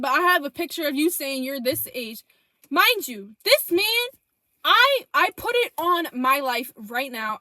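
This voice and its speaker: Young woman, high-pitched, casual storytime vlog, blunt and swearing, dry recording. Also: dry recording. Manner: blunt, profane and animated, quoting text messages. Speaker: vlogger telling a story.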